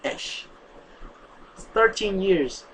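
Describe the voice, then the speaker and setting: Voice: mid-range voice, lively intonation, drawn-out words, a little hiss or hum, rough recording. A young reader narrating fan fiction casually, with rambling asides and slang. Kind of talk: casual story reading.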